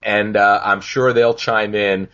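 A man's voice: fairly low pitch, flat delivery, takes it slowly, a bit bright, dull audio. A man hosting a podcast, recapping a film in a laid-back way and laughing often. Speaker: podcast host. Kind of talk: casual film discussion.

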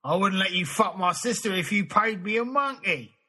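A comedy podcast co-host does a sketch running through regional accents, changing accent with every crude one-liner. He speaks at a moderate pace in a high-pitched, expressive voice that is pushed and bright with a breathy edge.

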